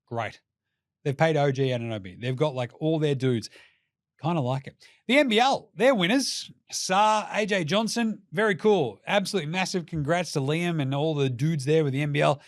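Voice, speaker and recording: Australian man, casual basketball commentary, profane and jokey, slightly high voice, dry close sound. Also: moderate pace, no room sound. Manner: profane, jokey, animated, mocks teams in put-on voices. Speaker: basketball podcast host.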